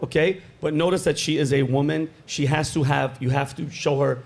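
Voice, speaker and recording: Guy on the panel, slightly high voice, blunt, swears a lot, laid back. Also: steady tone, moderate pace, vocal fry, darkish tone. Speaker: panel guest. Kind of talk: casual panel chat.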